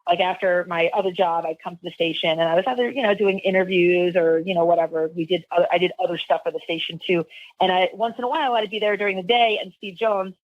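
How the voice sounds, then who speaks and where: A woman's voice: fairly low pitch, fairly even intonation, fast talker, no echo, dull audio. A woman who hosts a radio show, chatting as a podcast guest in a rambling way, with lots of fillers and restarts. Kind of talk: casual interview storytelling.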